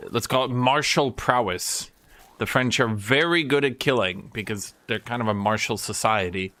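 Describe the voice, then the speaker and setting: A young man chats casually while streaming a game, rambling through a story with animated turns. His voice is bright and middling in pitch, and the recording is dry and close. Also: no room sound. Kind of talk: casual chat while gaming.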